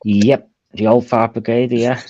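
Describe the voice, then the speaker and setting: A man's voice: medium pitch, flat delivery, a little slow, warm tone, dry recording. A middle-aged man with a Scouse accent in a casual voice chat, joking, teasing and laughing often. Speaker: co-host. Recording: dry, dull lo-fi audio.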